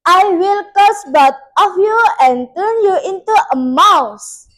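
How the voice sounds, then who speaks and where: A woman with an Indonesian accent voicing a cunning, threatening old female witch in a read-aloud storybook, with loud and shrill threats. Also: animated, slow pace, full character voice.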